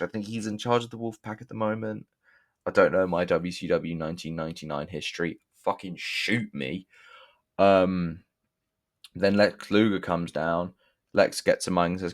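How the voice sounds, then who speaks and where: A young man with a deep, low voice. He talks through a wrestling show in a rambling way, swearing casually and often breaking off to correct himself. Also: moderate pace. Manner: rambling, profane, self-correcting with restarts. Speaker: wrestling reviewer. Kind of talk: casual spoken review.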